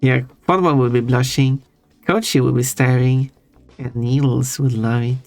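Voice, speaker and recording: A man's voice: mid-range voice, steady tone, a little slow, no echo. A man streaming live, chatting casually and teasingly with his chat and chuckling often. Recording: faint music under voice. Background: soft background music.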